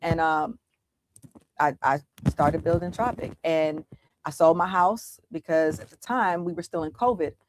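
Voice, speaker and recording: A woman's voice: low voice, unhurried, background noise. A middle-aged woman from the United States, a business owner giving an interview and retelling her past dramatically, with frequent restarts. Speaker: guest entrepreneur. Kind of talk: candid interview storytelling.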